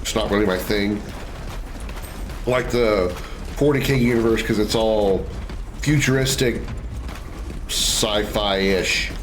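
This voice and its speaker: A man's voice: lowish voice, slow, pauses often, background noise. A man casually commenting while streaming a game, rambling and offhand, now and then swearing.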